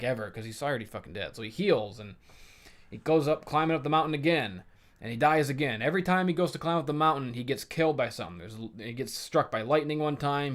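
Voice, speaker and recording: A man hosting a comic book podcast, chatting in a casual, profane and rambling way. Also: medium pitch. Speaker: podcast host.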